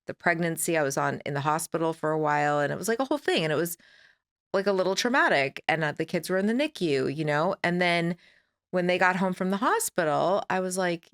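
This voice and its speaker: A woman in her forties speaks with a fairly low voice as a podcast guest. She tells her story candidly and in a rambling way. She slips into her own past dialogue as she talks. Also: moderate pace, fairly bright tone, smooth.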